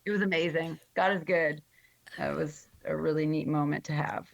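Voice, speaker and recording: A new grandmother telling a heartfelt story in casual podcast chat, with many halting restarts. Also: sits low, steady tone, gravelly, dry recording, highs cut off. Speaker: guest.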